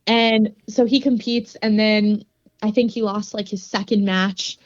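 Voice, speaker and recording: A woman's voice: mid-range voice, a little slow, no room sound, lo-fi sound. A young woman guest telling a story in a casual, giggly way, full of "like". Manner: giggly, animated, says "like" a lot. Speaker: podcast guest, grappler.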